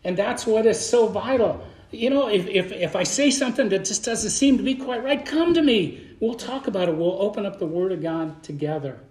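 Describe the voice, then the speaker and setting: Preaching to his congregation in an echoey church sanctuary, a Baptist pastor speaks at normal speed in a high voice with a darkish tone. He's fervent and folksy, often repeating his words.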